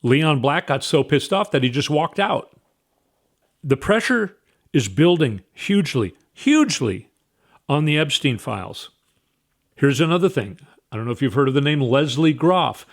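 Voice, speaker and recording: A man's voice: fairly high pitch, lively intonation, moderate pace. A man hosting a commentary show, reading news aloud in a casual, emphatic way and repeating words for stress. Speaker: host.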